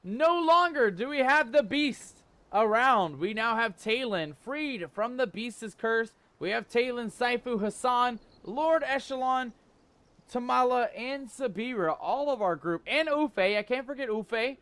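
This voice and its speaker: A man's voice: very high voice, a little slow, fairly bright tone, clean tone, dry recording. A man commenting on his gameplay and chatting with viewers, with playful pirate-style banter. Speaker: gaming channel host.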